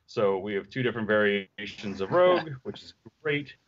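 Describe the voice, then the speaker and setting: A man's voice: on the low side, moderate pace, fairly bright tone. A man explaining product details on a live stream, enthusiastic with frequent halts. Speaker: product designer. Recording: muffled stream audio.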